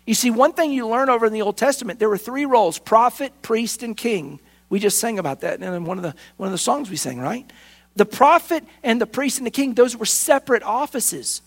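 A man preaching a sermon, emphatic, often breaking in with "listen" and slowing down on key phrases. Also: very high voice, lively intonation. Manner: emphatic, repeats "listen" to press points. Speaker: pastor. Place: church sanctuary.

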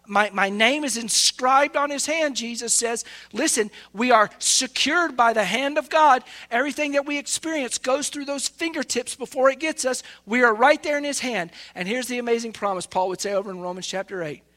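A man preaching with a strikingly high, piercing voice. His bright, edged tone drives a fervent sermon that dips into soft asides and rises into loud, ringing bursts. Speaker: pastor.

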